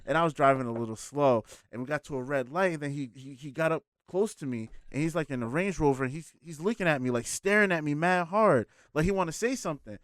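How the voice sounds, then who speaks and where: A man in a casual podcast chat, telling stories in an animated, profane way. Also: fairly high pitch, fast talker, few pauses, no echo, clean studio sound.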